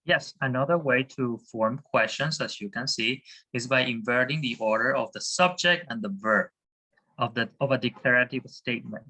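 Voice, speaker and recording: A teacher giving a Spanish lesson to students, patient and encouraging, explaining slowly with frequent fillers. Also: male voice, mid-range voice, sharp tone, rough recording. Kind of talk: online class teaching.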